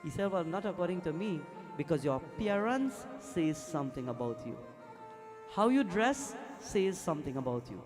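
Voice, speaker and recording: A man's voice: fairly high pitch, very animated, moderate pace, music in the background. A man preaching a Hindu temple sermon as pundit, telling stories and acting out the voices in them. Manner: storytelling, acts out quoted voices, breaks into devotional song. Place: temple hall during a festival night.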